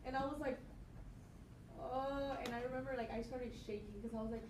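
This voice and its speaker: A woman's voice: sits high, fairly even intonation, a little fast. Woman student telling a story in class, acts out the quotes, far from mic, echoey and noisy. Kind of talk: casual classroom anecdote.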